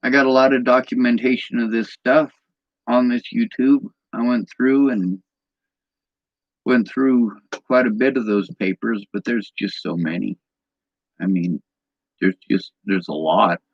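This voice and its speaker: A man's voice: medium pitch, fairly even intonation, unhurried, no echo, muffled recording. A man in an angry personal vlog rant, bitter and agitated, swearing often.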